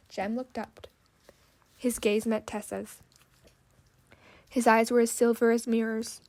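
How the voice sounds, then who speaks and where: A woman narrating an audiobook in measured, scripted storytelling. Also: medium pitch, warm tone.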